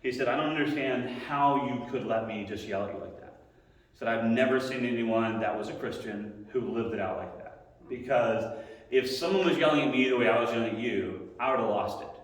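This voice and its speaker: A man in his forties teaching a Sunday school class, telling a story in a chatty, animated way and acting out the quotes. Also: medium pitch, fairly quick. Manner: conversational and animated, acting out quotes with sound effects. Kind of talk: sermon-style story to a class. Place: church hall. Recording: echoey hall from far off.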